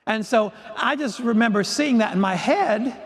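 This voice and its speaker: A man with a notably high voice delivers a keynote story in a lively, self-mocking way. His words carry the long reverb of a large hall. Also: normal speed. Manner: animated, self-deprecating humor. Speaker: keynote speaker.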